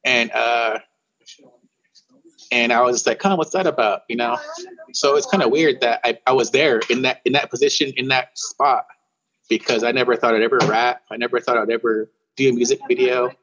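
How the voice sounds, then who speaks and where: A man from Warm Springs, Oregon, tells his story in a loose, rambling way, circling back over his own words and tossing in "bro". His voice sits in a middle pitch. The audio sounds slightly dull and lo-fi. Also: fairly even intonation, normal speed, slight background noise. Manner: rambling, repeats and restarts words, says "bro" often. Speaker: guest musician. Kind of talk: casual storytelling interview.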